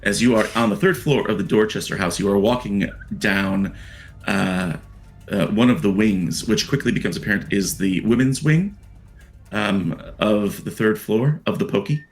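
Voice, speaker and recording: A man's voice: on the low side, moderate pace, soft background music. A man running a tabletop horror game as game master, narrating casually with plenty of fillers. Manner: casual, rambling, many fillers.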